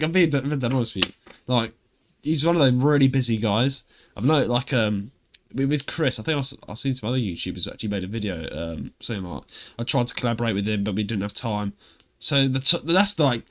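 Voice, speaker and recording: Chatty young British man, lively voice. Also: mid-range voice. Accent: British English. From Britain. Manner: chatty, rambling, laughs often, puts on voices when quoting others. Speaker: podcast host. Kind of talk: casual chat.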